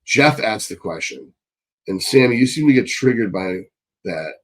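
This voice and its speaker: A man hosting a live stream Q&A, reading chat questions and answering bluntly, swearing often and getting excitable. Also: fairly low pitch, moderate pace, poor audio.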